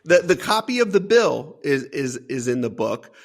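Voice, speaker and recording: A company CEO in his forties from Dayton, Ohio, guesting on an interview show, tells a story with energy, acting out what others said and laughing often. His voice is fairly high and moves at normal speed.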